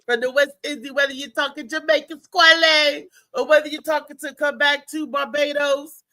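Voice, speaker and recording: A woman with a high-sitting voice hosts a live talk show at normal speed. She chats casually, laughs often and tells rambling stories in an animated way.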